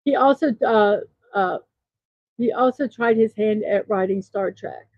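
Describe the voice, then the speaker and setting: A woman's voice: mid-range voice, unhurried, no room sound, lo-fi sound. A woman hosting a daily morning show, reading birthday and trivia notes aloud with small personal asides between items.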